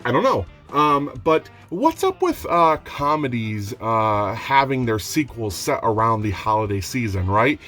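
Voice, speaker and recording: A young man talking casually in a home vlog, rambling and self-mocking, getting excitable as he shows off his finds. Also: medium pitch, unhurried, hardly any pauses, soft background music. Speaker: DVD collector vlogger. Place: home room.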